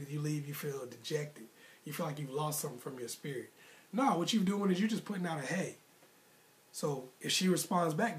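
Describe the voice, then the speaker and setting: A man's voice: a little high, slight background noise. A man coaching single men on dating in a casual, emphatic, repetitive advice monologue with slangy phrasing. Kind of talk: direct-to-camera advice monologue.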